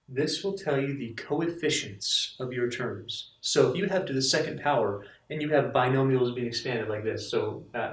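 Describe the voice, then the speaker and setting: A man's voice: mid-range voice, recorded from a distance. Enthusiastic male math teacher in echoey classroom. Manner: enthusiastic, animated, talks to students directly.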